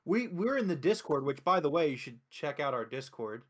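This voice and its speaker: Excited profane man, slightly high voice. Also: a little fast. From Philadelphia. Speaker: host. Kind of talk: casual wrestling review chat.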